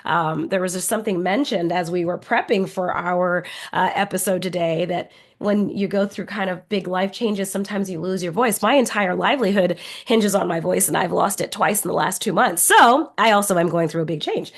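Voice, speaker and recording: A woman co-hosting a podcast in casual chat, her voice hoarse and low from losing it. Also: normal speed, hardly any pauses. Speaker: podcast co-host.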